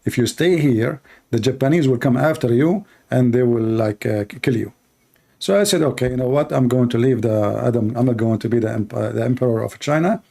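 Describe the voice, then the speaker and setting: A man's voice: medium pitch, fairly quick, creaky, dark tone. A man from the Middle East with an Arabic accent, speaking English as an apologist and telling a mock-serious satirical tall tale, with many "you know" and "uh" fillers. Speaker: Christian apologist.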